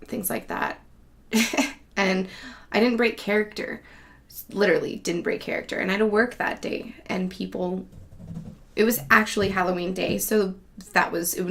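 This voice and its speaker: Woman host, loose casual chatter, quick laughs, frequent swearing, recorded at home. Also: on the low side. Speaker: show host. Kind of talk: casual monologue chat.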